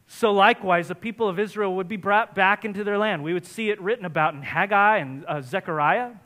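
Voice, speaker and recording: A man preaching a sermon as pastor, speaking emphatically and often rising to forceful exhortation. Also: high voice, a little fast. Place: church in Santa Barbara area.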